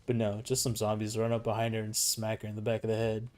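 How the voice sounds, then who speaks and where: A young man with a gravelly voice, chatting casually and slangily as a gaming host reviewing footage. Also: lowish voice, monotone, quick pace, darkish tone. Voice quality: gravelly, like a chain smoker. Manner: laid-back, slangy. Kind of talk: casual chat while reviewing gameplay footage.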